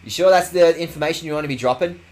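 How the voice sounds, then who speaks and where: A man's voice: a little high, very fast, darkish tone. A man streaming a video game, ranting with playful mock outrage and lots of swearing. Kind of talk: casual game stream commentary.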